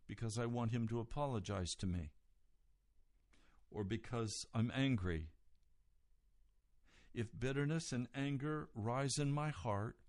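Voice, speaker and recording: A man's voice: medium pitch, a little mellow. A man preaching a sermon in an earnest, emphatic way, reading and explaining scripture. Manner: earnest, emphatic, slow and deliberate.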